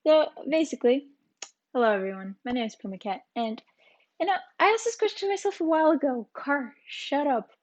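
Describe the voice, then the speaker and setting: A woman vlogger chats in a rambling, filler-heavy way from a room at home. Her voice sits a little high, and the recording has a dull, lo-fi sound. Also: lively intonation, brisk. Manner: rambling, chatty, many fillers. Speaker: YouTuber. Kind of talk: casual vlog chat.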